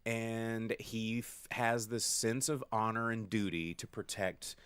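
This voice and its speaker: A man co-hosting a casual movie-review podcast, rambling and animated, acting out lines in silly voices. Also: on the low side, slow pace, clear, resonant tone, no room sound. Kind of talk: casual chat. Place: studio.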